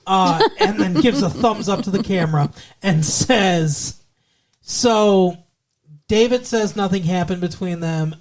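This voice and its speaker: A man's voice: high voice, a little slow. A man co-hosting a podcast, chatting jokily and rambling as he recaps a TV episode. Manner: jokey, rambling, slips into put-on accents and quoted voices. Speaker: podcast co-host. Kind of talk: casual chat recapping a TV episode.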